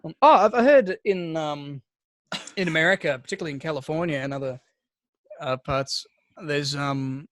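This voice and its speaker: Clean studio sound with no room tone captures a podcast co-host whose voice runs on the high side at normal speed. His casual chat is rambling storytelling, heavy on swearing and restarts.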